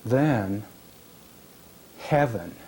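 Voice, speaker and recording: A man reading his own first-person fiction aloud at a literary reading, measured and dramatic, with heavy pauses. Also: lowish voice, lively intonation, a little mellow, slight background noise. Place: reading series event.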